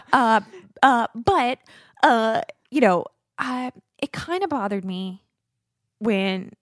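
A woman's voice: fairly high pitch, lively intonation, very slow, pauses often, no room sound, studio quality. A woman in her thirties, a podcast co-host, telling a long personal story in casual chat, full of fillers and acted-out quotes.

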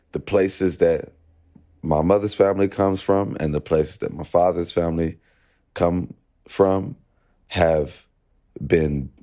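A young man with a deep, low voice talks through his thoughts slowly and reflectively. He fills his sentences with "you know" and "like" as he works out what he means. The delivery is casual and unhurried, like a musician opening up in an interview. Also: mellow. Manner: reflective, thinks aloud with many fillers. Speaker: musician guest.

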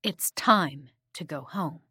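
A woman's voice: sits low, bright, forceful tone, husky, no echo, studio quality, pitched below the performer's own voice, heavily acted. Woman doing a steely, commanding aunt. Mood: firm. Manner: firm and deliberate. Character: stern aunt banishing a ghost, steely.

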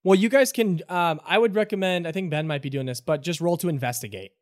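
A man's voice: a little high, fast talker, dry recording, studio quality. A man narrating as game master in a tabletop role-playing game, loose and full of fillers.

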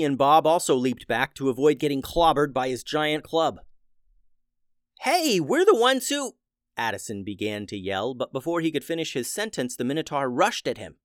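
A man narrating a children's adventure story in a steady, plain way. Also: mid-range voice, dry recording, studio quality.

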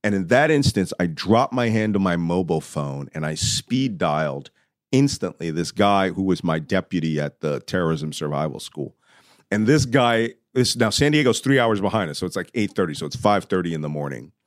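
A middle-aged man telling a vivid personal story, shouting when he acts out moments. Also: deep voice, animated, normal speed, no room sound, studio quality. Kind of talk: animated storytelling.

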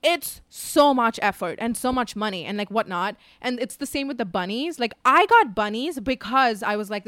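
A woman's voice: a little high, lively intonation, normal speed, few pauses, fairly bright tone, no echo. A woman in her twenties chatting candidly on a podcast, full of likes and asides. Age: 20s. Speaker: podcast co-host. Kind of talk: casual chat.

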